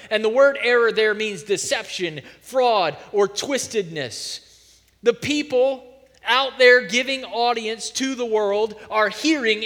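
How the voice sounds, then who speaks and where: A man preaching a sermon as pastor of his church, telling stories and driving home points with strong emphasis. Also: very high voice. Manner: animated storytelling preacher, emphatic. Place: church sanctuary. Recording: church hall reverb.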